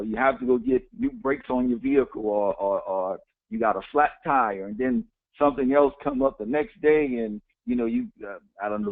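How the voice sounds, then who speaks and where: A man with a somewhat high, gravelly voice gives a motivational talk. He is emphatic, with a lively, swooping delivery, and he repeats his key phrases and counts off his points one by one. The sound is thin and tinny, like a phone line. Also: no room sound. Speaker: motivational speaker.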